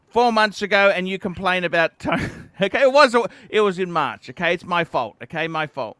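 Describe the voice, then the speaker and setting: Excitable man with a bright voice. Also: high-pitched, brisk, hardly any pauses, dry recording. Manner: animated storytelling, acts out quoted texts, laughs often. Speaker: livestream host. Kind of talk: casual livestream chat.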